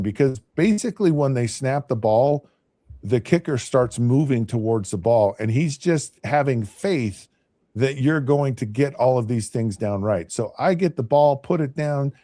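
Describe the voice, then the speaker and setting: Mellow-voiced man telling rambling stories. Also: mid-range voice, unhurried, no room sound, studio quality. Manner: rambling, with frequent restarts and repeated words. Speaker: podcast host and former NFL quarterback. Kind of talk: casual anecdotal storytelling.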